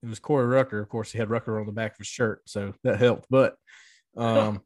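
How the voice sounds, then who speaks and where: A man co-hosting a casual sports recruiting chat, easygoing and quick to laugh. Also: fairly low pitch, fairly even intonation, a little mellow, dry recording, studio quality. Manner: easygoing, laughs, short agreeing replies. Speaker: co-host.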